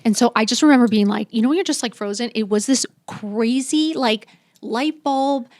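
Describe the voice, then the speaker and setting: A woman's voice: fairly high pitch, brisk, no echo, clean studio sound. Blunt, emphatic woman in her fifties. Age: 50s. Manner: blunt, emphatic, swears freely, acts out dialogue. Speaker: podcast guest. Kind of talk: candid storytelling.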